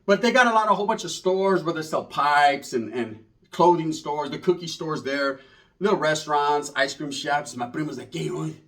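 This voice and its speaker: A man's voice: on the high side, expressive, moderate pace, a bit bright. A man telling a rambling, profane street story in casual slang, full of asides. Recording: voice from far off the mic.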